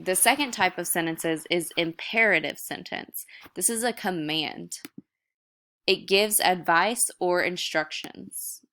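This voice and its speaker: Bright clear-voiced woman teaching a lesson. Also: fairly low pitch. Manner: explains step by step, casual teacher talk. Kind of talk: recorded video lesson.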